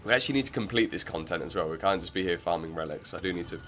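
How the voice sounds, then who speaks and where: Talking very fast in a low, slightly bright voice, this streamer offers loose gameplay commentary. Soft music plays behind him as he rambles along, packing in filler words.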